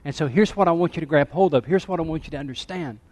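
A man preaching a sermon as pastor, dropping to a hush and then rising to emphatic points. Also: on the high side, quick pace, in a large hall. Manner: dynamic, drops to a hush then rises to emphatic. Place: church sanctuary.

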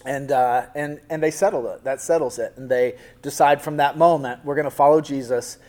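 A man's voice: mid-range voice, fairly even intonation, normal speed, a little mellow. A man preaching a sermon in a conversational, storytelling way, acting out quotes from the stories he tells. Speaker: pastor.

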